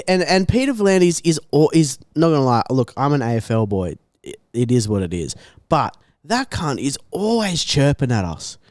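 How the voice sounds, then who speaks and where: Young australian man, podcast co-host, higher voice, dry close sound, sweary casual chat. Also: dry recording. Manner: animated storyteller, swears a lot, laughs often.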